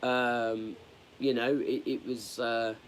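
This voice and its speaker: A man chatting candidly on a live stream, rambling and halting. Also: mid-range voice, little pitch movement. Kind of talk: casual live stream chat.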